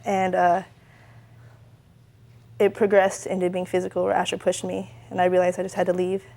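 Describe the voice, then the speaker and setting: A woman testifies as a defendant in a TV courtroom in a flat, level voice with little pitch movement. She tells her story defensively and rambles, restarting her sentences as she goes. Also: moderate pace, vocal fry.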